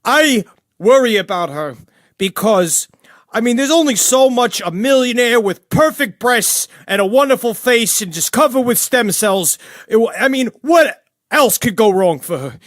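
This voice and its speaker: A man's voice: high-pitched, sing-song, measured pace, dry recording, clean studio sound. A man playing a rambling, pious, petty jailed older killer in a comedic character monologue, full of gossip and sudden outbursts.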